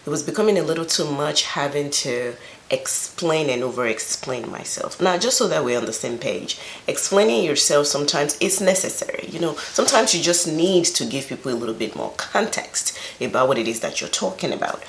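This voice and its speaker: A woman's voice: deep voice, expressive, fairly quick, a little hiss or hum. A woman vlogger giving casual, earnest advice on her own experience, speaking conversationally with emphatic pushes. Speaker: self-reflection vlogger.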